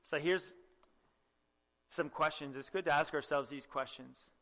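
A young man preaching a sermon with earnest exhortation, often asking the listeners direct questions and clearing his throat. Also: a little high, a little slow, sharp tone, in a large hall.

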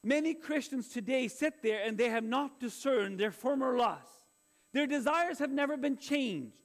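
A man's voice: very high voice, animated, unhurried. A middle-aged male pastor preaching a sermon in an earnest, confessional way, often restarting his phrases.

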